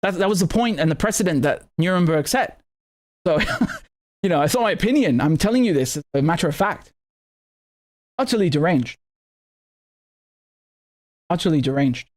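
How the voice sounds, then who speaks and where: A man's voice: on the high side, expressive, moderate pace, pauses often, a little mellow. A man hosting a live news commentary, talking indignantly with many stammered restarts and rhetorical questions. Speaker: political commentator and host.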